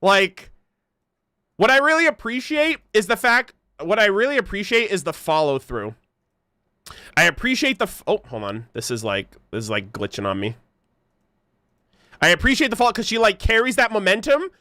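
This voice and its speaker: A man hosting a casual livestream, talking excitedly to his chat with frequent laughs and loose swearing. His voice sits high and sounds bright. It is recorded close and dry, with no room echo. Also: moderate pace, long pauses. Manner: excitable, laughing, swearing freely, chatty with viewers. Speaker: livestream host reacting to an animated series.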